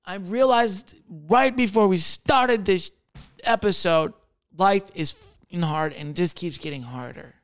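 Man, 30s, comedian hosting a podcast; smooth, clear voice, swears a lot, rambles in a jokey way. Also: sits high, unhurried. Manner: profane, jokey, rambling, jumping between loud and mumbled. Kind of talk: casual rambling monologue.

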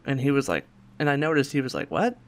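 A man, telling a family story in casual chat and acting out the quotes in raised voices. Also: fast. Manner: animated, acts out quotes in higher voices, laughs often. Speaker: podcast host.

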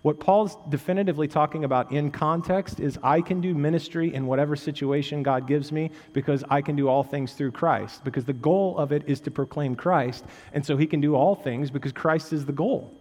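A male pastor preaching a sermon in a conversational way, tossing in "right?" asides and jokes, swinging from raised, intense emphasis to quiet, low stresses. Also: a little fast, few pauses, big-room sound.

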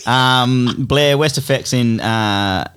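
A man's voice: mid-range voice, slow, fairly bright tone, clear, resonant tone. Australian man reading out podcast cues. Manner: reads out cues, laughs easily. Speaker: podcast host. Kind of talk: casual podcast banter.

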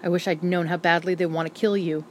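A woman's voice: lowish voice, fairly even intonation, a little hiss or hum, natural voice. A woman reading a grave, protective mother. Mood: warning. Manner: measured, deadly serious instructions.

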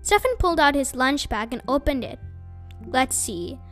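A woman reading a children's book aloud as host of her own storytime, in an expressive, animated way. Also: sits high, a little fast, soft background music.

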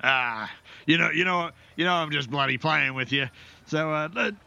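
A man's voice: on the high side, moderate pace, creaky, sharp tone, dull audio, pitched above the performer's own voice, exaggerated voice. A man voicing a big, jovial male dwarf distiller who talks in a hearty, boisterous way.

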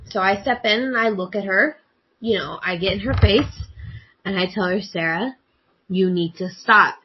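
Woman, casual storytelling, animated, acts out dialogue, mid pitch, slightly muffled audio. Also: husky. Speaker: guest telling a family story.

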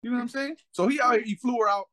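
A man in casual podcast chat, telling stories with heavy slang and profanity and acting out quotes with big leaps in pitch. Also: very fast. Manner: animated storyteller, acts out quotes with big pitch jumps; heavy slang and profanity, repeats "you know what I'm saying".

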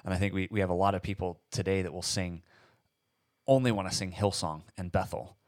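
Deep-voiced man, dry close sound. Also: fairly even intonation, a little mellow, no echo. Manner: measured, explanatory, with frequent ums. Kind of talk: casual podcast discussion.

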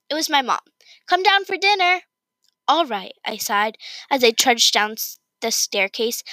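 A woman reading her own story aloud in first person, with an expressive, excited delivery. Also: fairly high pitch, no room sound, low-quality recording.

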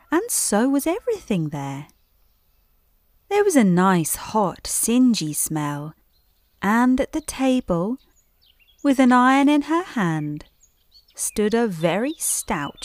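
A woman reading a bedtime story aloud in a gentle, unhurried voice. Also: medium pitch.

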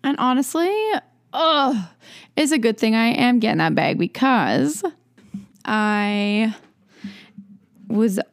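A woman's voice: a little high, expressive, slow, pauses often, smooth, dry recording, clean studio sound. A young adult woman hosting a podcast, talking in a rambling, sarcastic, chatty way and laughing often. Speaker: podcast host. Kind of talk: casual solo podcast chat.

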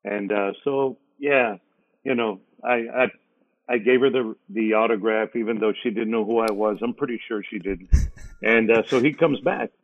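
A man's voice: lowish voice, moderate pace. A middle-aged man, a radio DJ telling stories as an interview guest and acting out the other people's lines. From San Antonio, Texas. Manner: lively storyteller, acts out others' lines. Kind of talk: casual storytelling. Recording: narrow phone-like sound.

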